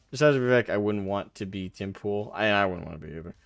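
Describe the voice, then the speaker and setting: Chatting casually on a live stream, a young man reads and responds to chat, laughing a lot, poking fun at himself, and swearing offhandedly. His voice is lowish and smooth with vocal fry, recorded without echo.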